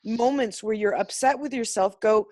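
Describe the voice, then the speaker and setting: A woman speaks to a spiritual group over a video call, her voice sitting fairly high. She is blunt and emphatic and swears without a second thought. The sound is dry and close, with no room around it. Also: moderate pace, darkish tone, no echo. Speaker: class participant sharing insights. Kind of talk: impassioned spiritual group talk.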